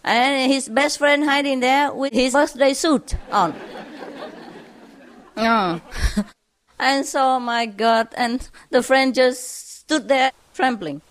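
A woman's voice: high voice, some chatter behind. A woman telling humorous stories to an audience, chuckling often between them. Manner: chuckling, unhurried. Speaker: storyteller.

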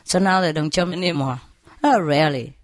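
A woman's voice: low-pitched, fairly quick, no room sound. A woman chatting casually about her birds and dog, laughing often as she tells her stories. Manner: laughs often, animated, acts out her pets' voices. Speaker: bird owner. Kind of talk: casual storytelling.

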